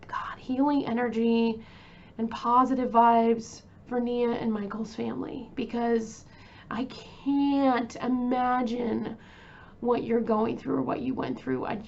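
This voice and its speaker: A woman's voice: fairly high pitch, gravelly, darkish tone, highs cut off. A woman hosting a true crime channel, talking casually and emotionally about a case, with many fillers and restarts.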